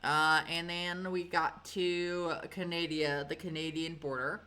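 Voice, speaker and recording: A woman's voice: lowish voice, flat delivery, a little slow, bright, forceful tone. A woman streamer telling a story in a casual, chatty way, swearing often and filling with "like" and "um".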